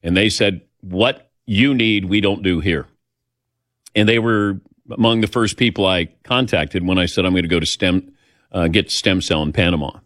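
At a moderate pace and a low, slightly bright pitch, the older host talks through personal stories, chatty and self-deprecating, acting out the voices of people he quotes. It's a dry recording with clean studio sound.

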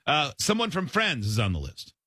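Dry sarcastic guy hosting a chat show, bright husky voice, close dry mic. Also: mid-range voice, huge pitch swings, moderate pace, no echo. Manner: dry, sarcastic quiz-master. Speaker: podcast co-host. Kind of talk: casual chat.

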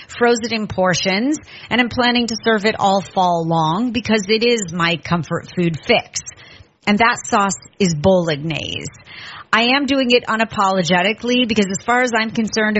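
A woman's voice: mid-range voice, a bit bright, highs cut off. A woman hosting a food show, talking casually and with enthusiasm, lingering over descriptive words. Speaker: food podcast host. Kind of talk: casual chatty monologue. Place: Southern California.

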